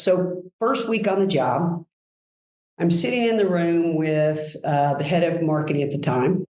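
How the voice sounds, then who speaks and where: A woman guest telling enthusiastic, animated stories about her work in a relaxed conversation. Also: lowish voice, a little slow, reverberant, rough recording. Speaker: guest, brand executive. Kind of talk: conversational storytelling.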